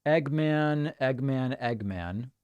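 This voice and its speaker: A man's voice: medium pitch, animated, takes it slowly, a little mellow, smooth, no echo, highs cut off. A man hosting a live-stream show, chatting casually and reacting to listener voicemails and chat messages. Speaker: show host.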